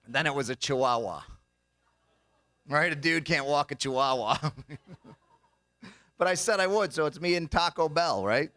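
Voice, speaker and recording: In a banquet hall, a young man with a fairly high, pushed and bright voice does a comedy routine, speaking expressively at normal speed with long pauses. He tells jokey stories, voicing the characters in them, and there's no room sound.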